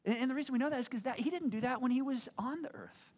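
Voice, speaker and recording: A male pastor giving a sermon in church, talking in a casual, animated way with many restarts. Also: extremely high pitch, fast talker, husky. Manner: conversational, animated, frequent restarts and fillers.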